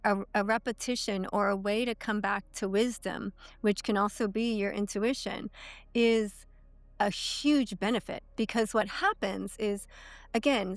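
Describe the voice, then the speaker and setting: A woman's voice: medium pitch, no echo. A woman in her thirties, a coach and podcast guest, explaining ideas in a teaching way and often checking in with "okay?" and "right?". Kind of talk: explanatory interview talk.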